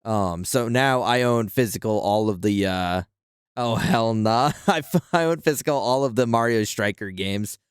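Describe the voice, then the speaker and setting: A man's voice: fairly low pitch, normal speed, clean tone, dry recording, studio quality. A man streaming a video game, chatting casually and animatedly, swearing freely and laughing often. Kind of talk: casual live-stream chat.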